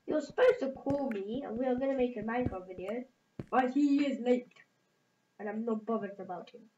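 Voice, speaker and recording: A woman's voice: on the high side, brisk, warm tone, dull audio. A woman hosting a gaming channel, chatting in a rambling, jokey way to her viewers while she plays. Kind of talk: casual let's-play commentary. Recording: echoey room with clear background noise.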